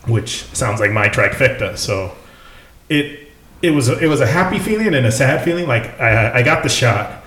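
Male podcast co-host, mid-pitched, loose and profane, recorded in an echoey room. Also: lively intonation, normal speed, fairly bright tone. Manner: laid-back, swears freely, laughs often. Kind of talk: casual chat.

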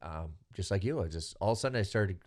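A male interviewer with a very low voice who keeps the talk easy and conversational. He agrees often and trades stories of his own with his guest. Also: lively intonation, fast talker, a little mellow. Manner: agreeable, with frequent affirmations. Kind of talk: casual conversation.

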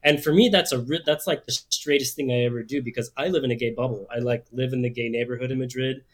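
A man's voice: mid-range voice, steady tone, quick pace. A man guest on a podcast, a travel blogger, chatting and laughing easily. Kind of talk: casual chat.

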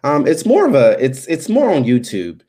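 A man's voice: on the high side, wildly swooping pitch, moderate pace, warm tone. A man hosting a live stream, chatting loosely as he signs off, with many ums and restarts. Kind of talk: casual live stream sign-off chat.

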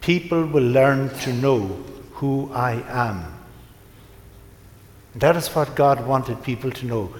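Man, priest, homily, gentle storytelling, unhurried, reverberant church. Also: medium pitch, lively intonation, slight background noise. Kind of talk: sermon. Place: large church. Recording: echoey church from a distance.

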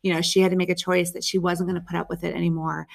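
Low, gravelly-voiced woman guest. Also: flat delivery, rapid-fire. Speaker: podcast guest, director of a storytelling show. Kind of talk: casual conversation.

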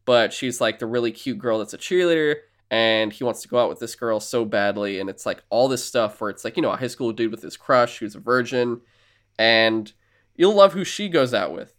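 A man's voice: medium pitch, normal speed. A man co-hosting a podcast, casually retelling a film's story with lots of filler words and playful asides. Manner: animated storyteller, many filler words, acts out quoted lines. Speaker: podcast co-host. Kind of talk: casual chat, retelling a film.

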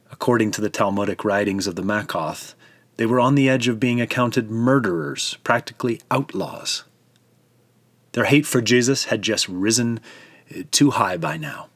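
A man's voice: fairly low pitch, slightly rough, no echo. A man narrating a dramatic retelling of a scripture story in a vivid storyteller's manner.

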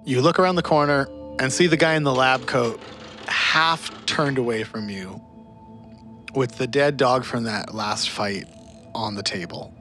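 A man narrating scenes as game master of a tabletop game, in steady, descriptive storytelling. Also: medium pitch, measured pace, faint music behind.

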